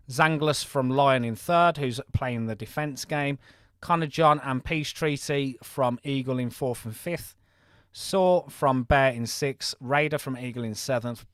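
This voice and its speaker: A man's voice: medium pitch, a bit bright, smooth, no echo, studio quality. Chatty man with a mild Birmingham accent. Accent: mild Birmingham English. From Birmingham, England. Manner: chatty, friendly, reads out scores and thanks viewers. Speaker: game live-stream host. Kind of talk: live game commentary and chat.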